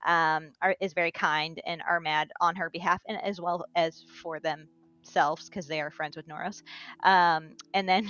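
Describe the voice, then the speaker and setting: A woman recapping the last tabletop game session for the group, in a brisk storytelling way. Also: on the low side, a bit bright. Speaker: player giving a recap. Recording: dull lo-fi sound.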